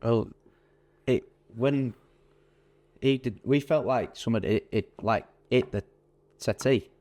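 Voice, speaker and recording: A man, a guest giving brief, halting replies in casual chat. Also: mid-range voice, darkish tone.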